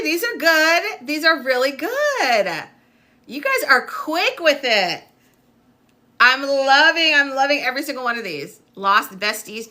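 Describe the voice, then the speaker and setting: Upbeat woman running a live tv production class, very bright voice, chatty, reacts to the chat. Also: sits high. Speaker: TV production instructor. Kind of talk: casual livestream class. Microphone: phone or webcam on livestream.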